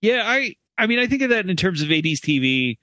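A man's voice: high voice, big pitch swings, fairly quick, sharp tone, dry recording. A man co-hosting a podcast, chatting casually and laughing easily. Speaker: podcast co-host. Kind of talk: casual chat.

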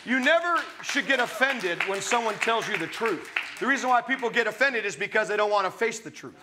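A man's voice: sits high, lively intonation, a little fast, background noise. A man preaching a sermon, reading scripture aloud and breaking off into emphatic, conversational asides to his listeners.

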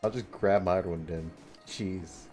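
A young man giving casual gameplay commentary as a streamer, excitable, laughing often and yelping and swearing at enemies. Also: low-pitched, normal speed, faint music behind. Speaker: gaming streamer.

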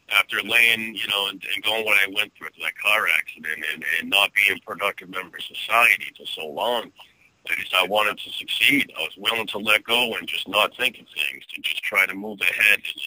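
A middle-aged man with a low voice and a very bright, sharp edge tells his story in an emotional, strained way. He acts out the back-and-forth of old conversations as he goes. The sound is dry and close. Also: normal speed, dry recording, low-quality recording. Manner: tense, distressed, retells dialogue with quotes. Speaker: guest telling his story. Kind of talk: emotional personal account.

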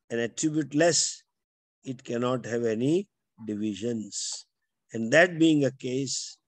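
An older man with an Indian English accent teaching scripture, explaining texts and slowly chanting Sanskrit verses line by line. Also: medium pitch, creaky, darkish tone, no echo.

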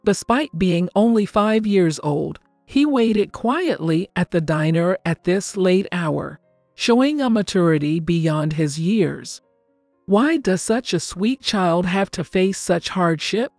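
Gravelly older woman narrating a story. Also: on the low side, lively intonation, slow, darkish tone, no room sound. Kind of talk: scripted first-person story narration. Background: faint background music.

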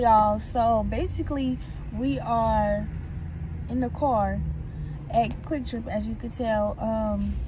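A young woman in her late teens, with a voice a little on the high side, rambles cheerfully to her phone camera. She is sitting in a car, and steady road and gas-station noise runs under her voice. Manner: chatty, rambling. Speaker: vlogger. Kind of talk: casual vlog chat. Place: inside a car on a road trip.

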